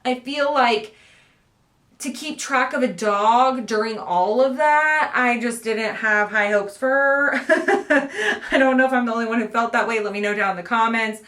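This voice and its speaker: A woman's voice: on the high side, a little slow, fairly bright tone, echoey room. A woman talking casually and animatedly as a book vlogger, laughing often as she reviews a horror novel.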